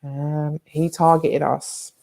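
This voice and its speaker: A woman's voice: low voice, flat delivery, takes it slowly, creaky, mellow. A British woman vlogging, telling a personal story in a candid, blunt, rambling way with some swearing.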